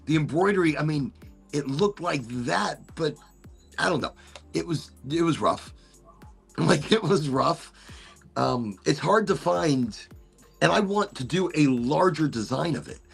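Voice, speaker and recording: Man, podcast host, gravelly voice, rambling casual talk. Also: fairly high pitch, animated, slow, faint music behind. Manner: rambling, laughing, self-interrupting. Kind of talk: casual chat.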